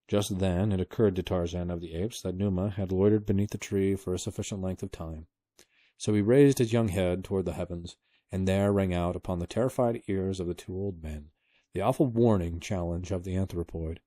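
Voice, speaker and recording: A man reading a book aloud to his kids, telling the story at a steady pace. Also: deep voice, brisk, dry recording, clean studio sound.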